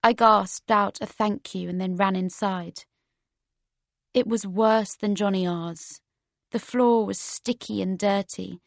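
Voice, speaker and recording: Woman, audiobook narrator, first-person story, steady measured reading, mid pitch, dry close mic. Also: gravelly, no echo.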